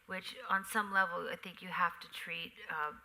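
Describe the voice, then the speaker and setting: A middle-aged woman, a memoir author on a theater stage, telling animated stories in a live conversation and acting out sounds. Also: fairly low pitch, normal speed, rough recording. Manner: animated storyteller who acts out sounds.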